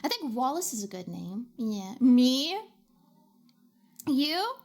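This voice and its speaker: A woman's voice: medium pitch, very animated, normal speed. A young woman streaming a game in casual chat, giggly and chatty, often restarting her sentences. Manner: giggly, chatty, self-interrupting.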